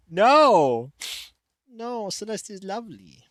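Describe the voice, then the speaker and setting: A male game streamer, chatty and rambling, greeting viewers by name and cooing to his cat. His voice sits a little high and he talks at an unhurried pace. The sound is close and dry. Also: expressive, no echo. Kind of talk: casual stream chat. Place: warm room at home.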